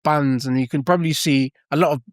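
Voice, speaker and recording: A man from England, co-hosting a podcast in casual chat, talking with quick restarts and frequent laughs. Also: fairly high pitch, fairly even intonation, no room sound, studio quality. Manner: chatty, laughs often, many restarts. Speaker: podcast co-host.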